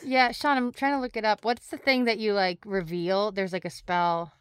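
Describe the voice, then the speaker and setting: A woman playing a tabletop game, talking in an animated way. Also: mid-range voice, moderate pace, clean tone, dry recording. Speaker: player. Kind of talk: in-character game play.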